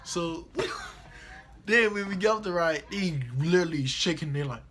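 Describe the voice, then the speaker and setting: A young man vlogging, retelling a trip in slangy, animated casual storytelling. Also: on the high side, unhurried, slight background noise.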